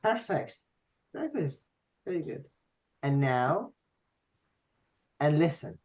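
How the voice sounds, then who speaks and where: A man tutoring a student online, explaining patiently with frequent pauses and fillers. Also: on the high side, very animated, a little mellow, low-quality recording. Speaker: language tutor.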